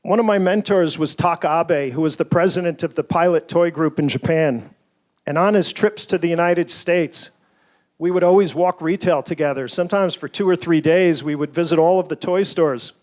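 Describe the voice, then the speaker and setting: A toy inventor giving a keynote speech at a conference, telling stories from his career in an earnest, measured way. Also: fairly high pitch, darkish tone. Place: conference hall.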